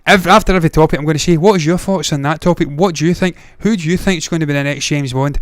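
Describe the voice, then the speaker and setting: Speaking very fast in a voice on the high side, a man hosting a movie news livestream gives casual commentary with blunt opinions and frequent swearing. There is no echo.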